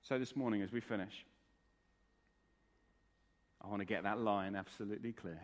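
A man preaching a sermon in church, earnest, moving between hushed, quiet lines and raised, emphatic ones. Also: on the low side, steady tone, moderate pace. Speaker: pastor. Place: church hall. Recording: reverberant church hall.

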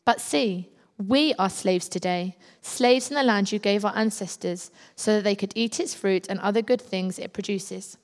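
A woman reading a Bible passage aloud in a slow, measured way during a church service. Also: mid-range voice, big-room sound. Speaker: Bible reader.

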